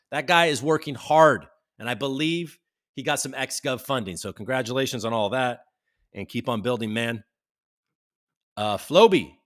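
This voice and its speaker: Man, middle pitch, livestream host, casual chat, reads out viewer comments, swears now and then. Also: fairly bright tone.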